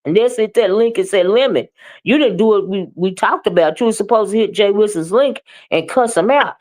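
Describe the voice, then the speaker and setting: A woman hosting a casual live-stream gossip show, talking in a sassy, emphatic, drawn-out way. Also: mid-range voice, darkish tone. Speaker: live-stream commentary host.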